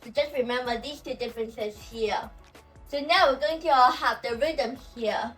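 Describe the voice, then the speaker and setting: A woman teaching language pronunciation, who talks slowly and says example words over and over. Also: on the high side, fairly bright tone, far from the mic, soft background music, rough recording. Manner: slow and repetitive, saying example words over and over. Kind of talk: explaining pronunciation.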